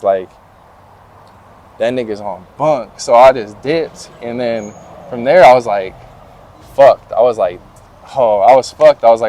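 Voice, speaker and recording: A man's voice: medium pitch, unhurried, pauses often, mellow. Laid-back slangy man telling stories. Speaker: interview guest. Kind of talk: casual storytelling interview.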